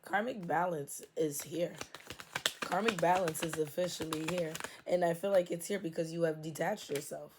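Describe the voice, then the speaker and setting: A low-voiced woman reads tarot in a loose, casual flow, speaking. She is blunt, swears freely and laughs often. A faint hiss sits behind her voice. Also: moderate pace. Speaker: tarot reader. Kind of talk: casual spiritual reading, profane and playful.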